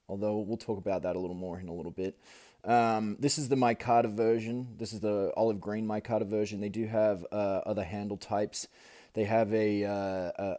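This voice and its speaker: A middle-aged man talks through a knife review in a casual, rambling way, stopping on fillers and restarting his sentences. His voice sits a little low and sounds warm and mellow rather than bright.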